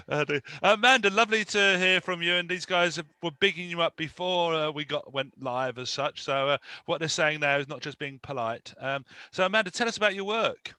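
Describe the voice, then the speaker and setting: Bright dry-voiced male host. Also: on the high side, smooth, no echo. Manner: enthusiastic, quick affirmations. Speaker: webinar host. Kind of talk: casual hosting. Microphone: video call.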